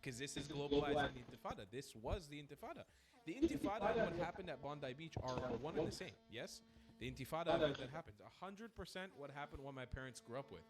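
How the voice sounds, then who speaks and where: A man's voice: on the high side, animated, fast, a loud crowd. A man delivering a heated, profane political rant straight to his viewers, openly angry and pleading with them to get involved. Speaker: online commentator.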